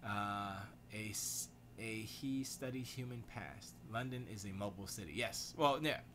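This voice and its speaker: Stream host, male, loose rambling delivery, bright tone. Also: lowish voice, measured pace, a little hiss or hum. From United States. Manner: rambling, reads chat aloud, self-correcting. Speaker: livestream host. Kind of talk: casual livestream chat.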